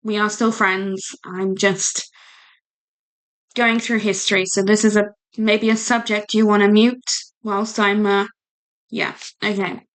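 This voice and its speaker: Slow-talking chatty British woman. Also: medium pitch, level tone, smooth. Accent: British English. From United Kingdom. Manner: chatty, rambling, giggly with many fillers. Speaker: livestream host. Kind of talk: casual livestream chat.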